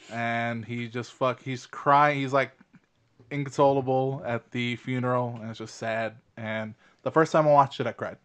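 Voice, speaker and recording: A man's voice: mid-range voice, clean tone. A man co-hosting a podcast in casual chat, crude and joking, laughing often. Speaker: podcast co-host.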